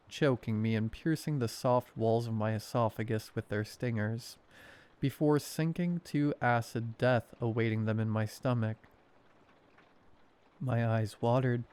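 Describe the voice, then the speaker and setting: A man narrating a horror story in a wry, sardonic way, read as a calm bedtime scary story. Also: medium pitch, clean tone.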